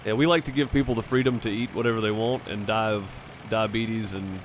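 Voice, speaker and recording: A man's voice: lowish voice, steady tone, a little fast, slight background noise. Chatty man on a game stream. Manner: rambling, chatty, fillers and restarts. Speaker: streamer playing a farming game. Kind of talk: casual storytelling over voice chat.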